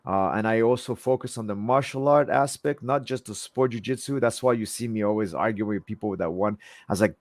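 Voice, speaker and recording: A man's voice: fairly low pitch, fairly quick, hardly any pauses, darkish tone, no echo, studio quality. A man in his forties with a French accent, a jiu-jitsu instructor talking passionately as an interview guest, often repeating and restarting his words. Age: 40s. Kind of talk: casual interview chat.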